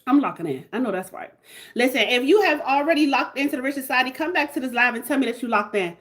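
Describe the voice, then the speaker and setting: Brief: hyped woman host, repetitive livestream sales pitch, voice a touch high. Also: expressive, fast, a bit bright. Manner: repetitive, hyped, call-and-response. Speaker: livestream host selling a membership.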